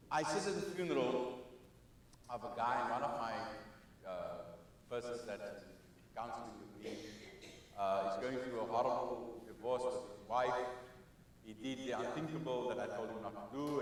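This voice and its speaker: A man giving a keynote speech, dropping to quiet asides and then rising to loud, emphatic peaks. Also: mid-range voice, far from the mic, a little hiss or hum. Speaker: keynote speaker. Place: large conference hall. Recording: echoey hall, speaker off-mic.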